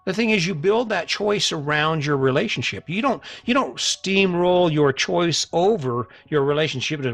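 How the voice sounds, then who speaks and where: A middle-aged man talks earnestly to listeners in a motivational solo podcast, conversational and repetitive with many restarts. His voice is a little high and creaky, fairly bright, with lively intonation at a moderate pace and few pauses. Soft music plays in the background.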